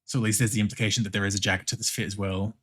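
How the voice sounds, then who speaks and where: A young Australian man streaming while he draws, thinking out loud in casual chat, laughing often and swearing freely. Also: lowish voice, little pitch movement, racing, husky.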